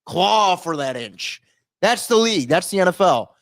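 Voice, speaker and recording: A man riffs on football with his co-hosts, lively and a touch high-pitched. His pitch leaps around as he ribs players with profane jabs and quick impressions. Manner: animated, profane, mocking impressions. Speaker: podcast co-host. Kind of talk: casual sports chat.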